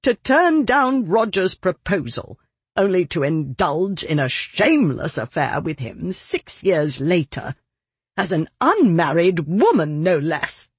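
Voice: mid-range voice, big pitch swings, takes it slowly, slightly rough, dry recording, exaggerated voice. An audiobook reader voicing a haughty, indignant older noblewoman who scolds with scorn. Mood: scornful. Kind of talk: audiobook character reading.

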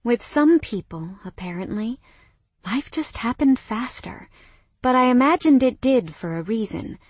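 A young adult woman narrating a first-person romance audiobook in a soft, intimate voice that often drops to a whisper. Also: on the high side, lively intonation, a little slow, slightly rough, no room sound.

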